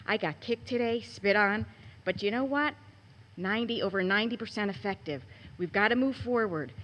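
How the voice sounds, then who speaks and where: A woman's voice: medium pitch, normal speed, a bit bright, rough recording. Emotional mother in her forties pleading at a school board meeting. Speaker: parent giving public comment.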